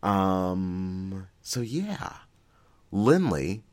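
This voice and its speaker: Low-voiced man telling stories. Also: drawn-out words. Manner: lively storyteller who laughs often. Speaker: podcast co-host. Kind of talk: casual chat.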